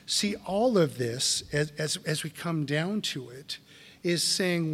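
A man preaches from the pulpit in an emphatic, animated way, circling back with repeated phrases and rhetorical questions. His voice sits a little high for a man. The sound rings with the long reverb of a large hall. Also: a little slow, breathy edge. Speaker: pastor. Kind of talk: sermon.

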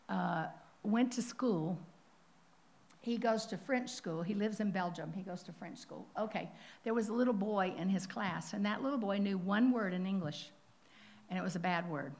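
An older woman teaching a Bible lesson, animated and storytelling, dropping to whispers and rising to exclamations. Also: medium pitch. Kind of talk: sermon.

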